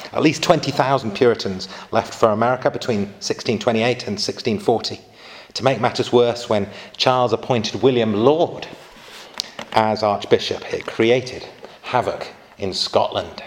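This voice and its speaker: A man's voice: lowish voice, moderate pace. A man giving an informal church history lecture, adding chatty asides and asking his listeners questions.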